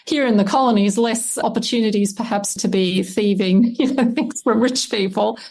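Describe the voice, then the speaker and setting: A woman's voice: medium pitch, moderate pace, a little mellow. An Australian woman, a historian and lexicographer, explaining her research thoughtfully in a conversational interview, with many fillers.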